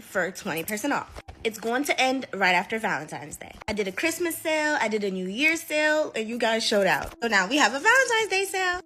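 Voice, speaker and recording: A woman's voice: fairly high pitch, a bit bright, poor audio. A woman in casual storytime chat, playful and chatty, talking straight to her followers before telling a story. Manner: chatty, playful, calls listeners bestie.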